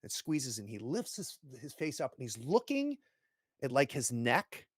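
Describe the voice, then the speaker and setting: A man runs a tabletop horror game and narrates the scene slowly and deliberately, painting the action in detail. His voice sits at a middle pitch and sounds close and dry. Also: huge pitch swings, husky, dry recording. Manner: unhurried, descriptive, acts out gestures. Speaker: game master.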